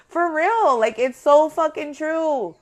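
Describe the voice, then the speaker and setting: A woman giving a casual tarot reading to her viewers, talking in a blunt, profane and animated way. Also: mid-range voice, normal speed. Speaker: tarot reader.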